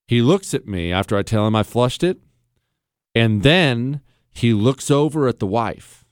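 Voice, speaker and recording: Lively, sardonic male talk radio host. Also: medium pitch, measured pace, no echo, clean studio sound. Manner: animated storytelling, blunt and sardonic.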